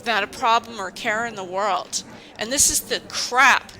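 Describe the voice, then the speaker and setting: Woman, university staffer, casual vlog rant, indignant, emphatic, bright tense voice. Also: on the high side, measured pace, rough recording.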